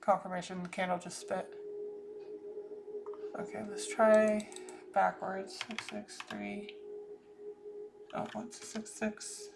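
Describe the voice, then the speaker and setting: A woman's voice: mid-range voice, level tone, slow pace, vocal fry, long pauses, noisy background. A woman with a Southern US accent, talking casually through a psychic reading and thinking aloud with frequent restarts. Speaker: psychic channeler.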